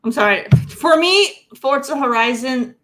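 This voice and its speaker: A woman co-hosting a casual gaming talk show, teasing and quick to laugh. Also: sits high, lively intonation, fairly bright tone. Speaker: podcast co-host.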